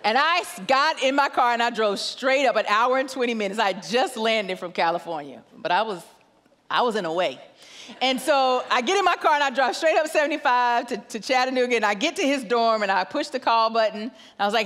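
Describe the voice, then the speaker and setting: A middle-aged woman preaches in a large church. Her voice sits high, and she acts out family dialogue with lively storytelling. A long reverb trails each phrase through the hall. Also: brisk. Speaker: guest pastor. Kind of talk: sermon with storytelling.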